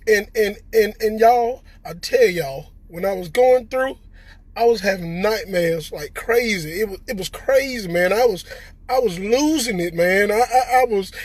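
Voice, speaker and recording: A man telling his own story as a survivor, halting and repeating his words as he talks to listeners directly. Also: high-pitched, a little mellow, dry recording, low-quality recording. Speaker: coronavirus survivor. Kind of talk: emotional personal testimony.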